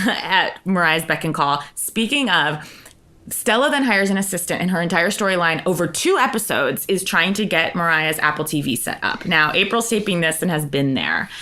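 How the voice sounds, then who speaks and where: A woman co-hosting a podcast, telling gossipy stories in casual chat with lots of "like" and quick asides. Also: lowish voice, bright, forceful tone. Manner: gossipy, chatty storytelling full of "like" and asides. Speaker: podcast co-host.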